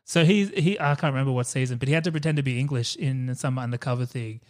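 A medium-pitched man talks fast as he co-hosts a podcast, enthusiastically and casually discussing a movie. He laughs a lot and swears without much thought.

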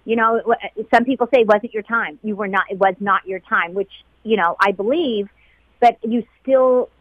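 A middle-aged flight attendant recounts past events in an emotional interview, speaking from the heart and quoting others in lively voices. Her pitch is medium and her pace moderate. The audio is narrow and tinny, with no room sound.

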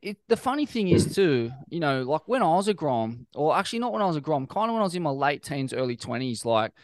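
A man's voice: fairly high pitch, big pitch swings, fast talker, dry recording. An Australian man hosting a podcast, musing through his points in a rambling, casual way with lots of fillers and the odd swear. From Sydney, Australia. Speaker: podcast host. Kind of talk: casual interview chat.

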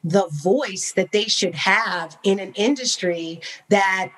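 Female guest from Napa, California, mid-pitch, animated and chatty, casual interview. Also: slow pace, rough recording. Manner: animated, enthusiastic storyteller with many fillers. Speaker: podcast guest, wine entrepreneur.

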